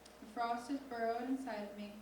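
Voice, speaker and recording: A teenage girl recites a spoken word poem with slow, deliberate intensity, her voice a touch high. She is heard from a distance in a big echoing hall, with faint room noise behind her. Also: steady tone. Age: teens. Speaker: student poet. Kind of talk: spoken word poetry reading. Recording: echoey hall from far off.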